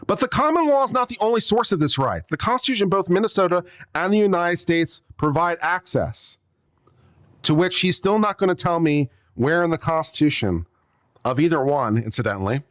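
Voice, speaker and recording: A man's voice: on the high side, expressive, a little fast, fairly bright tone. A man, an attorney, reading out a legal brief and picking it apart with sarcastic, exasperated asides, coughing now and then. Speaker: attorney commentator.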